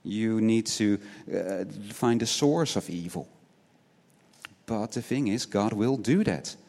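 Male preacher, lowish voice, earnest, rhetorical questions, word-repeating restarts, long church-hall reverb. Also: expressive, takes it slowly, a little mellow. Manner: asks many rhetorical questions, tagging points with "right?". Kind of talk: sermon.

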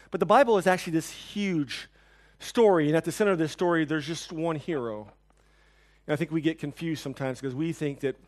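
A man preaching a sermon, telling a personal story with lively, animated delivery that drops to hushed, somber tones. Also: a little high. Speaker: pastor.

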